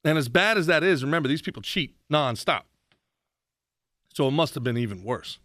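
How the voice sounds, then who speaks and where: A man hosting his own podcast, ranting sarcastically about politics in a mocking, animated way. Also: fairly high pitch, fairly quick, no echo, studio quality. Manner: sarcastic, mocking, animated rant with shouted impressions. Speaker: podcast host.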